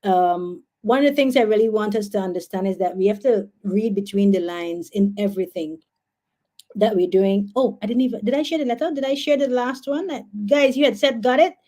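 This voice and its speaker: A young woman with a Guyanese accent chats through a casual live stream, excitable and quick to exclaim. Her voice is mellow and warm, never sharp. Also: mid-range voice. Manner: chatty, excitable, laughs and exclaims often. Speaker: livestream host.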